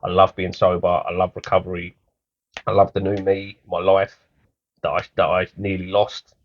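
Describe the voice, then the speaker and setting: A man's voice: low voice, completely flat delivery, normal speed. A man, co-hosting a podcast and telling self-mocking stories in casual chat. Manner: storytelling, self-mocking, laughs often. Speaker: podcast co-host. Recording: dull lo-fi podcast audio.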